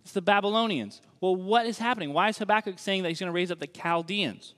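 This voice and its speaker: A man preaching a sermon in a conversational, emphatic way, slowing down to stress key lines. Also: sits high, a bit bright. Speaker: pastor. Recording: long reverb of a large hall.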